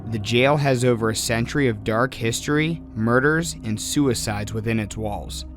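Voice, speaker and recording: A young man narrates a haunted-building investigation in a calm, measured, scripted way. He sits at a middle pitch, and loud music plays behind his voice. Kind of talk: documentary narration and on-site ghost hunt.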